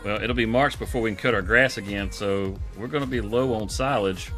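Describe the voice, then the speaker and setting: Male streamer, casual rambling host, sharp bright tone, faint music behind. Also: lowish voice, a little fast. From Texas. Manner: relaxed, rambling, laughs often. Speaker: livestream host. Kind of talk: casual live-stream chat.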